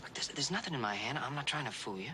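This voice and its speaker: A man playing a patient young cowboy who teaches sign language to a deaf girl, speaking slowly and coaxing her along. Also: mid-range voice, animated, noisy background, close to an everyday voice. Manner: slow, coaxing, repeating words gently.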